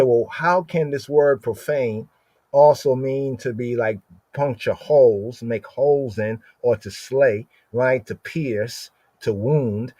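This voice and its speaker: A man teaching from scripture on a livestream, reading Hebrew verses slowly and explaining each word, asking "right?" after nearly every phrase. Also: mid-range voice, darkish tone, no room sound, muffled recording. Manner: explains Hebrew words aloud, repeats "right?" constantly; slows down to read Hebrew verses. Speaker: Bible teacher.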